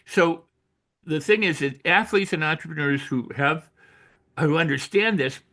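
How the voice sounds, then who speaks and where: An older man, an author and coach, talking in an interview with animated storytelling, acting out quoted voices and often restarting his sentences. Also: a little high, unhurried. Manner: frequent restarts and repetitions. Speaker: author and personal growth coach. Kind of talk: interview conversation.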